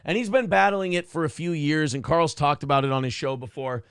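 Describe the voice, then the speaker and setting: A man hosts a talk show in blunt, profane, ranting commentary. His voice is gravelly and sits a bit high. The sound is dry and close. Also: a little fast, a bit bright, dry recording. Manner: blunt, ranting, mocks others with put-on voices. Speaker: morning show co-host.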